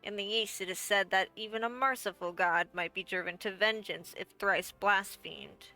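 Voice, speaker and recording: A man voicing a cold, menacing rich lord in a game, in a slow and measured way. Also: high-pitched, pushed and bright, soft background music, heavily acted, poor audio. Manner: slow, icy, measured threat. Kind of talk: game voice acting.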